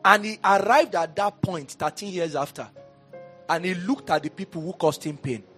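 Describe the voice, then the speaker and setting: A man with a Nigerian accent preaching a lively sermon in a church, with asides to the congregation that rise to shouts. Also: sits high, moderate pace, faint music behind. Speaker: pastor. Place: church hall.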